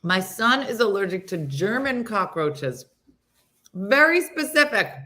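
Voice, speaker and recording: Animated storytelling woman host. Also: mid-range voice, unhurried. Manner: animated storytelling, acting out friends' voices. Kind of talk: casual morning show chat.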